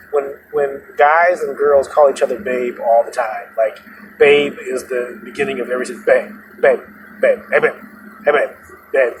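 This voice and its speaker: Rideshare driver and host, animated man, storytelling in a car with road noise. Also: mid-range voice. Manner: animated, repetitive, laughing at his own story. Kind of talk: casual storytelling. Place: inside a moving vehicle. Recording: noisy moving car.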